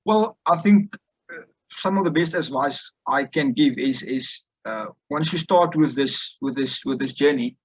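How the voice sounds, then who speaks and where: A man's voice: mid-range voice, measured pace, breathy edge, no echo, muffled recording. A young man in his twenties from South Africa, with a South African accent, speaking casually in an interview with many fillers and restarts. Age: 20s. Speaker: guest, student rugby player.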